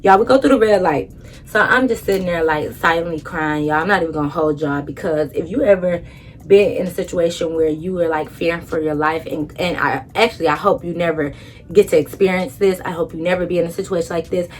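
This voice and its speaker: A woman's voice: on the low side, brisk, slight background noise. A young woman in AAVE telling a dramatic storytime to her viewers, acting out her own thoughts. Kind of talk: casual storytime.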